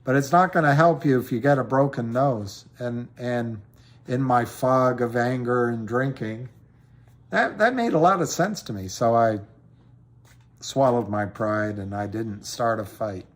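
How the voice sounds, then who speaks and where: A man's voice: medium pitch, lively intonation, measured pace. A middle-aged man hosting a live stream, rambling through stories and answers to callers with many restarts. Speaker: livestream host answering callers.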